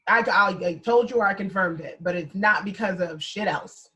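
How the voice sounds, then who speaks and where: A woman with a bright, forward voice chats with her co-hosts, laughing often and launching into animated stories. Her pitch sits in the middle of the female range. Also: normal speed. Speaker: podcast co-host. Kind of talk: casual chat.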